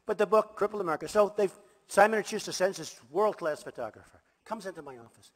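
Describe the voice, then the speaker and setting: Speaking fast with lively intonation and a high-sitting voice, this man works a crowd at a large rally as a political candidate. He hammers his points through repetition and brags along the way. A big hall's long reverb hangs on everything.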